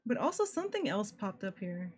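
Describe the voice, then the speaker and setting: Woman, game streamer, casual commentary, excitable, profane, middle pitch. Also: fairly quick, slightly rough. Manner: excitable, swearing, laughing often.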